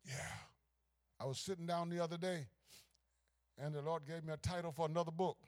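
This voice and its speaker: A pastor preaching a sermon, swinging from hushed asides to shouted climaxes. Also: male voice, fairly high pitch, fairly even intonation, a little fast.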